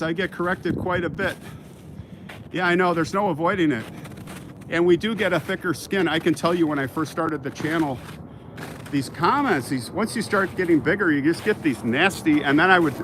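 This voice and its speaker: A man with a slightly high voice hosts a livestream on a walk outdoors, talking into a handheld phone. He rambles through a mock rant and keeps stopping to thank donors. Faint traffic hums in the background. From Kansas. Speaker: livestream host. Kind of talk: casual livestream chat while walking. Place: outdoors walking through a cemetery.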